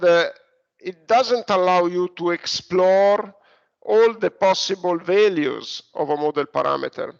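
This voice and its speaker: Delivering a university lecture online, a man from Italy speaks a little slowly in a high, creaky voice with an Italian accent. He comes across as hesitant, restarting often and using lots of fillers, and the lo-fi recording is dull.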